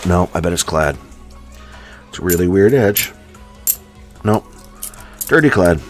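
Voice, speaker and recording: A man's voice: deep voice, a little slow, faint music behind. A man, born in Alabama, chatting casually and rambling with lots of fillers while he searches through coin rolls. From born in Alabama, lived in Washington State. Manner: rambling, relaxed, filler-heavy asides. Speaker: coin roll hunting vlogger.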